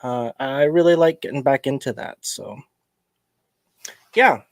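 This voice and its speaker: A man's voice: medium pitch, a little slow, dry recording. A man hosting a casual livestreamed podcast, chatting and joking, greeting viewers with plenty of fillers. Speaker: podcast host.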